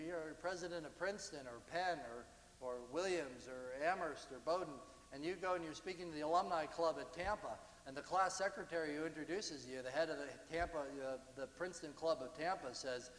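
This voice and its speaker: A man giving a university lecture about slides, talking in a conversational, halting way with frequent restarts. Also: on the high side. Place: lecture hall. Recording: echoey hall, distant.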